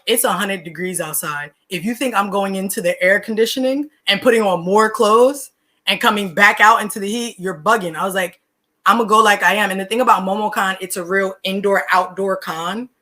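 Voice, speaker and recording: Speaking at a normal speed with a medium-pitched voice, this young Philadelphia woman chats on a podcast as a guest. She's animated and slangy, spinning stories casually and laughing in between lines and mid-story.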